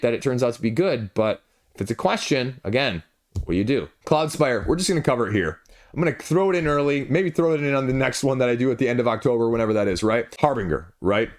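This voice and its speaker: A man reviewing board games, talking casually through a crowdfunding page and peppering it with rhetorical questions and asides. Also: mid-range voice. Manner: conversational, full of rhetorical questions and "you know, right?" asides. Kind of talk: casual commentary while scrolling a crowdfunding page.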